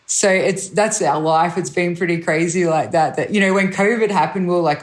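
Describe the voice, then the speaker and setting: A woman with a slightly low voice tells her rally stories in a lively, chatty way. She acts out the people she quotes, often breaking into laughter. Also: slow pace. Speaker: rally co-driver guest. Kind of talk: animated anecdotal storytelling.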